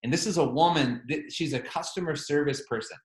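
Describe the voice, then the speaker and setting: A preacher man tells a story with animation and acts out both ends of a phone call. His voice sits a little high, and the room around him is echoey. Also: a little fast. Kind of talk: sermon storytelling.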